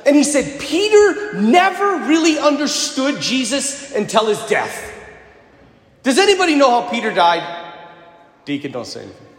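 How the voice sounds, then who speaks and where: A man preaching to a congregation in a high, animated voice that leaps up and drops low. He slips into voices for the figures he quotes and keeps asking the room questions. The sound rings through a big, echoey church. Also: moderate pace. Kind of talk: sermon. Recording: echoey church with long reverb.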